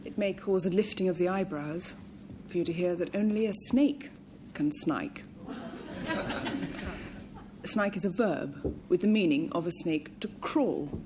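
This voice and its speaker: A woman's voice: on the low side, unhurried, pauses often. Poised female panelist, light asides, from a hissy old TV broadcast. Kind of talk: reading a definition on a panel game.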